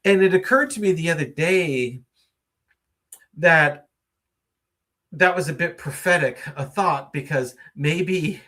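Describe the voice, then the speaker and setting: A man's voice: on the high side, slow pace, pauses often, pushed and bright. A man hosting a casual late-night live stream, musing at length with many fillers and reading out viewer comments. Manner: reads viewer comments aloud and greets viewers.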